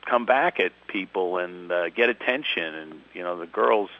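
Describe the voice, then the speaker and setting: A man's voice: deep voice, normal speed, no echo, muffled recording. A middle-aged man with a Philadelphia accent, guesting as a comedian on a radio show, firing off jokes and laughing mid-sentence. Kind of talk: joking radio interview.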